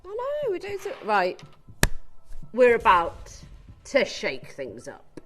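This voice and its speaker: A woman's voice: on the high side, takes it slowly, soft background music. Gushing woman selling on live TV. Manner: excitable, gushing, urging viewers to buy. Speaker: shopping channel presenter. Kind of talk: live TV shopping sales patter.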